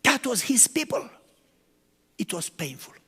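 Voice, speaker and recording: Animated preaching man in echoing hall. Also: high-pitched, a little slow, husky. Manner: animated preaching, swings from loud to hushed. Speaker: pastor. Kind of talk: sermon. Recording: long hall reverb.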